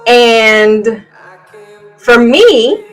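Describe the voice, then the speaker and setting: A woman's voice: fairly high pitch, lively intonation, drawn-out words, faint music behind, poor audio. A woman hosting a podcast interview, chatting casually and laughing, often turning to the audience as "y'all". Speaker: podcast host.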